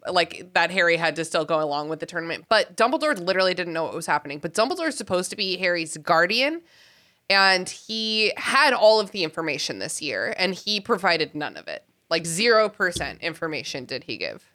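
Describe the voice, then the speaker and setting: Lady podcast host, bright clear voice, worked up and laughing a lot. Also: fairly low pitch, brisk. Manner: animated, exasperated, laughs often. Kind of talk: casual podcast chat.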